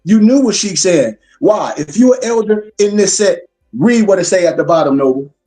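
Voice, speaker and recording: A male minister delivers a class lecture in a high but mellow voice. He is emphatic and preacherly, circling back to repeat key lines. Faint music hums behind him. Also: animated, moderate pace.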